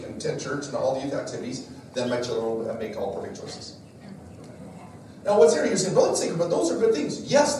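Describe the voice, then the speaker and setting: A middle-aged man delivers a live devotional talk, his voice rising and falling freely as he tells stories against himself. The recording is heavily reverberant and taken from a distance, with a faint hum of the room behind. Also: fairly high pitch. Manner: lively storyteller, jokes at his own expense. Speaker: speaker at a church parenting talk. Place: large echoey room with a live audience. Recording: echoey hall recording from far off.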